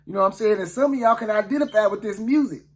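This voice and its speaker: A man's voice: sits high, rapid-fire. A man, a preacher telling a Bible story casually in the first person, in a folksy, conversational way with many asides to the listener. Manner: folksy, conversational, often asks "you know what I'm saying".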